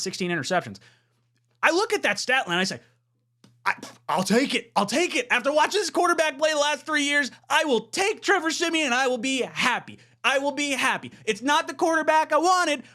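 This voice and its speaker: In casual fan commentary, a man in his thirties hosting a podcast sounds frustrated, alternating between muttering under his breath and bursting out loudly.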